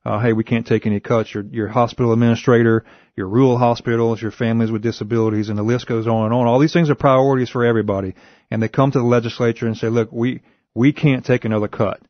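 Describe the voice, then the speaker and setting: A man, a guest on a talk radio show, explaining state budget policy in a measured way. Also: mid-range voice, steady tone, dry recording. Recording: dry lo-fi radio broadcast.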